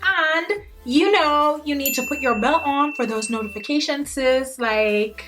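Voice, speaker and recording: A woman's voice: high-pitched, a little slow, music in the background. Chatty young woman vlogging a makeup tutorial. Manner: chatty, playful, addresses viewers as guys and sis. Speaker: beauty vlogger. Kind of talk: casual makeup tutorial chat.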